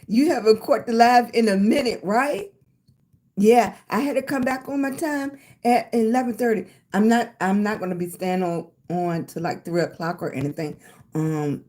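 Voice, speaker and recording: A woman's voice: medium pitch, normal speed, mellow. An older woman with a Southern US accent, chatting casually on her livestream and thanking viewers by name with endearments like sweetie and baby. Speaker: livestream host.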